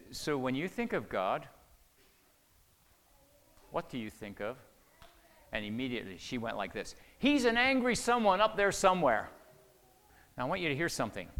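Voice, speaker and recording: A man preaching a sermon, telling a story, swinging between hushed asides and loud, emphatic lines. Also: fairly high pitch. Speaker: pastor. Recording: long reverb of a large hall.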